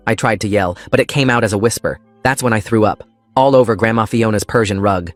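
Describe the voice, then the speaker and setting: Low-voiced man reading a story. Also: brisk, no room sound, soft background music. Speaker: narrator. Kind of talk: calm scripted story narration.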